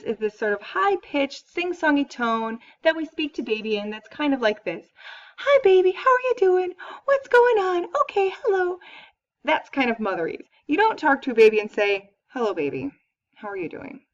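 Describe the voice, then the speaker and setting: Female professor, conversational lecture, picked up from afar on a muffled recording. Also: a little high. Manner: explanatory, conversational, with fillers. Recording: dull, distant lecture recording.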